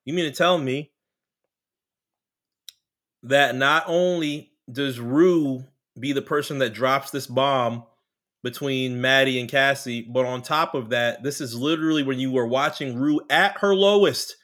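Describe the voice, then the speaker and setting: A man co-hosting a casual TV recap podcast, talking animatedly and breaking into loud put-on character voices. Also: medium pitch, a little slow. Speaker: podcast co-host.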